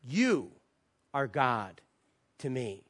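A man voicing an excitable, grateful stranger who loudly repeats himself. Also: medium pitch, extremely slow, voice pushed down, heavily acted. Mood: earnest. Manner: repeats words loudly and insistently.

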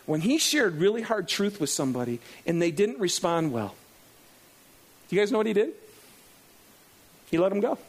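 A middle-aged man preaching a sermon to a congregation, animated and acting out his own inner dialogue. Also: high voice, normal speed, breathy edge. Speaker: pastor. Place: in front of a congregation.

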